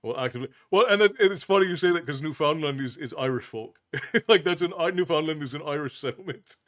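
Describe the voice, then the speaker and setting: A man's voice: fairly high pitch, fast, a bit bright. A man hosting a livestream, chatting casually with viewers in a rambling way, full of restarts and chuckles. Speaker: livestream host.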